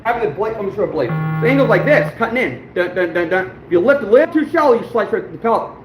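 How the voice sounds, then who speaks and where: A man's voice: high voice, big pitch swings, rapid-fire, soft background music. A man, a fur trapper, chatting casually to viewers as he works, swearing often and grumbling at himself. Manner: frustrated and self-deprecating. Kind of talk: casual live-stream demonstration. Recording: echoey room, mic far off, background noise.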